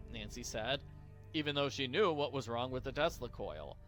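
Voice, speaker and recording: A man reading his own parody story aloud, with wry, deadpan asides. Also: medium pitch, moderate pace, faint music behind. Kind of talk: comedic story narration.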